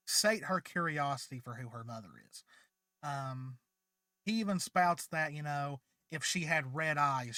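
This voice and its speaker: A man's voice: on the high side, bright, forceful tone, no echo, clean studio sound. A man hosting his channel, casually retelling a fan story in a chatty, rambling way with many fillers, and sounding tired. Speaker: channel host.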